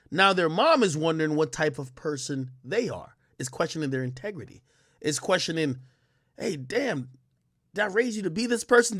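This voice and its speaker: A man's voice: fairly high pitch, a bit bright, dry recording, studio quality. A man giving casual commentary as a reaction host, explaining his take in a loose, conversational way with frequent fillers. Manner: casual, explanatory, repeats "you know" and "like".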